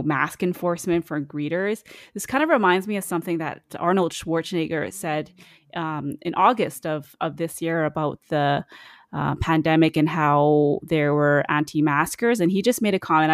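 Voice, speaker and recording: A woman chatting casually on a podcast, reading quotes aloud with animated asides. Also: low voice, moderate pace, dry recording, clean studio sound.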